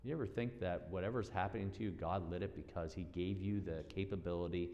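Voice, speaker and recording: A man preaching a sermon as pastor, animated, acting out quoted voices with big swings in pitch and loudness. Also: quick pace, highs cut off, slight background noise. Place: church sanctuary. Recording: long church-hall reverb.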